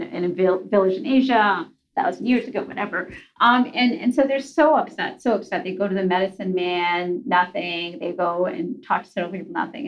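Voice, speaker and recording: A woman speaking in an earnest conversational way, telling a story with restarts and soft asides. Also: mid-range voice. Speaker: guest parent speaker. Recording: slightly dull lo-fi sound.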